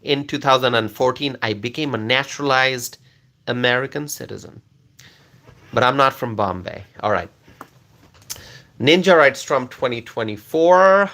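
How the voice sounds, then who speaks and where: A man originally from Bangladesh reads viewer comments during a live stream, speaking at a moderate pace with long pauses. His mid-range voice is sharp with lively intonation, and he replies with repeated questions and laughs.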